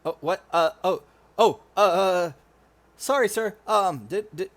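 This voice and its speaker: Man voicing flustered stammering sergeant, higher and louder than his own voice. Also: measured pace. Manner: stammering, apologetic. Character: nervous stammering male low-rank sergeant.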